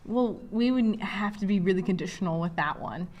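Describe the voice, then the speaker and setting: A woman's voice: mid-range voice, moderate pace, darkish tone. A woman playing a strategy game with a partner, chatting casually and playfully with lots of laughter. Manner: bubbly, playful, laughing banter. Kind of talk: casual live gameplay chat.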